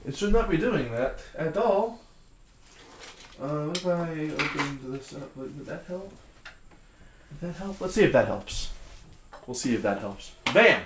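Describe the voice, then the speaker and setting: A young man chatting on a live stream with a lively, swooping voice that sits a little high. He jokes and reads viewer messages aloud. The sound is roomy and echoey, with a faint hiss behind him. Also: measured pace, long pauses. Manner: animated and jokey, reads chat aloud. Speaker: streamer co-host. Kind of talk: casual live-stream chat. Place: studio room being painted. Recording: roomy echo, faint noise.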